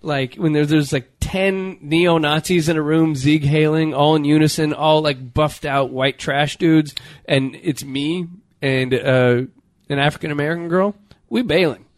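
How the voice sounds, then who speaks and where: A man's voice: a little high, steady tone, measured pace, no echo. A man telling stories in a casual chat, acting out what people said. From Southern California. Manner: storytelling, acts out quotes.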